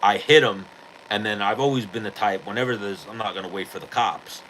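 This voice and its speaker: A man's voice: fairly low pitch, a little fast, a bit bright, a little hiss or hum, rough recording. A male podcast host telling a rambling, profane story in casual chat.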